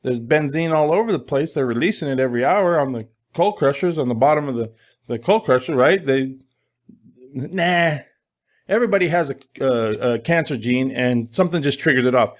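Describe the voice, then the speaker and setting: A man's voice: medium pitch, normal speed. Candid middle-aged man telling a story. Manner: candid, joking, animated storytelling. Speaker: host. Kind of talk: casual monologue.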